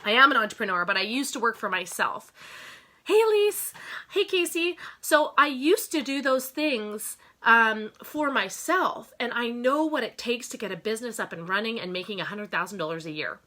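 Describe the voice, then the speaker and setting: A woman's voice: a little high, normal speed, few pauses, sharp tone. A woman in her thirties talking candidly and earnestly to camera about her home business, with emotion and frequent fillers. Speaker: network marketing vlogger. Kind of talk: casual talk to camera.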